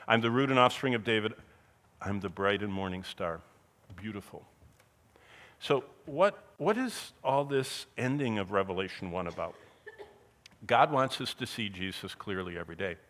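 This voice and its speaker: Man preaching with emphatic rhetorical questions. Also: on the low side. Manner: emphatic, rhetorical questions, swings between loud bursts and quiet asides. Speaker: Bible teacher. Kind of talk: sermon-style Bible teaching.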